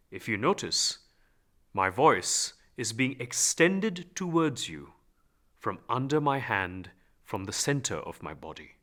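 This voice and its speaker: A male voice coach leads a gentle training exercise, speaking in a calm, instructive way. His tone is bright and clear, and his pitch moves in a lively, animated way as he demonstrates. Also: takes it slowly. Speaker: voice and speech teacher. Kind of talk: guided voice lesson.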